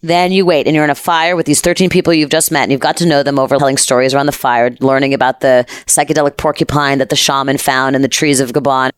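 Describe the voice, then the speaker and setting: A woman podcast host telling a story in casual chat, animated, dramatic and profane. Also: a bass voice, fast talker, hardly any pauses, clear, resonant tone, no echo, studio quality.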